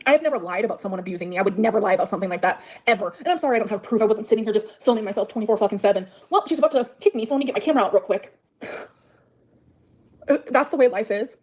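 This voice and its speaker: A woman's voice: mid-range voice, very fast, darkish tone. A woman on a livestream telling a grievance in an aggrieved, defensive way, repeating herself. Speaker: streamer in a played clip. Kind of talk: emotional livestream monologue.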